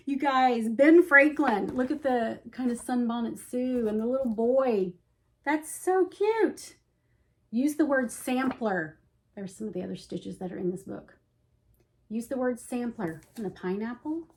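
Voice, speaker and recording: Gushing chatty woman, slightly high voice. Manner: gushing, chatty, with soft hushed asides. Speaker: cross-stitch vlogger. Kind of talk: casual show-and-tell chat.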